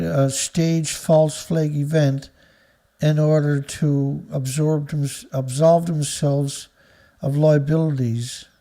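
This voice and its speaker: A man's voice: fairly high pitch, creaky, warm tone. A man hosting an angry, profane commentary show, reading out headlines and then ranting about them with insults. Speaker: news commentary host.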